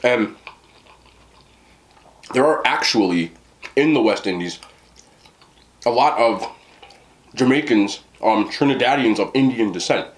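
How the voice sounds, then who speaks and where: An American man in casual storytelling to the camera, talking in a rambling way with many fillers and restarts. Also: lowish voice. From United States. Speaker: food vlogger.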